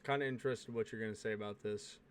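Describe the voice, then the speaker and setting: A man's voice: lowish voice, fairly even intonation, fast talker, a crowd in the background. A man hosting a casual gaming podcast, laid-back and swearing freely. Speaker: podcast host.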